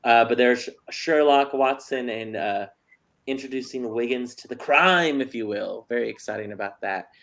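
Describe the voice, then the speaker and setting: A man's voice: mid-range voice, moderate pace, gravelly, a bit bright. A man hosting a casual chat interview, joking and chatty with plenty of fillers. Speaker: host.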